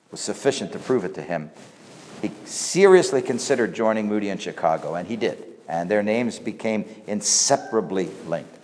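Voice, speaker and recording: A man preaching a sermon, his voice swelling on key points and then dropping low. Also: a little mellow, in a large hall, slight background noise. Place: church hall.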